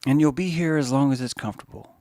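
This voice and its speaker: A man hosting a podcast, rambling in a monologue that swings from hushed musing to mocking put-on voices, with some swearing. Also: mid-range voice, fast, no echo, studio quality. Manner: profane. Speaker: podcast host.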